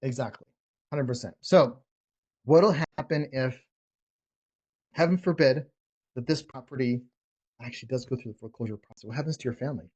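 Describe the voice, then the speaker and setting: A man's voice: mid-range voice, brisk, long pauses, a little mellow, breathy edge, dull audio. A man coaching sales negotiation in a casual teaching talk, blunt and emphatic, often restarting his words. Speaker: real estate wholesaling coach.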